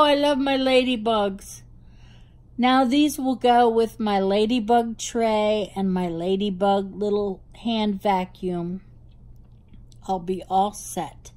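Slow-talking gushing woman with a New Jersey accent. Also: mid-range voice, darkish tone. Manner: gushing, delighted over cute little things. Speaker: hobby vlogger. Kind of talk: casual show-and-tell unboxing.

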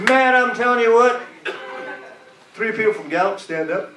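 High lively voice, pastor guy preaching loose and folksy, bright tone, echoey church from a distance. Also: moderate pace, long pauses. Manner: folksy, emphatic preaching with laughs. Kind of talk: sermon. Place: church sanctuary. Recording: echoey room, mic from a distance.

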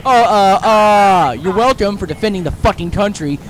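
A man doing casual let's play commentary into his own mic, crude and profane, joking and rambling, and now and then bursting into loud mock-patriotic yelling. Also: high voice, normal speed, a little hiss or hum. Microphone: personal computer mic.

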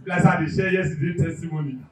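A man with a Nigerian accent doing live stand-up comedy, animated and loud, acting out characters and shouting punchlines. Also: a little high, fast, echoey room, far from the mic, poor audio. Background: audience.

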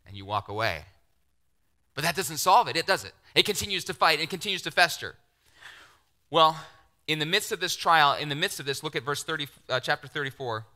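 Middle-aged male pastor, animated sermon delivery, very bright and tense tone, dips into hushed asides. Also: mid-range voice. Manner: animated, acts out quoted voices, drops to near-whispers.

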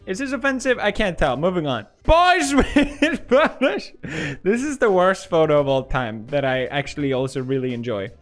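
A man's voice: fairly high pitch, expressive, a little fast, hardly any pauses. A young man hosting comedic meme commentary, goofy and ironic, laughing often. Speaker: host.

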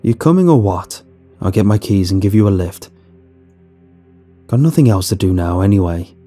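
A bitter, worn-down old farmer who grumbles every word, as a man puts him on. The voice is low and dark with a husky edge. It comes from a storybook-style horror reading. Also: expressive, moderate pace, faint music behind. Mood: grumbling.

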